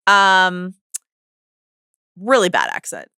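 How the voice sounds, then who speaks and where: A woman's voice: fairly low pitch, huge pitch swings, slow, bright, forceful tone, clean tone, no room sound, studio quality. A woman co-hosting a pop-culture podcast, making wry jokes and playful critiques. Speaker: podcast co-host.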